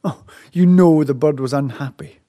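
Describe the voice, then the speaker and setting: A man's voice: a little high, normal speed, warm tone, close to an everyday voice. A man voicing an anxious young mother who speaks tenderly and then scolds sharply. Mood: reproachful.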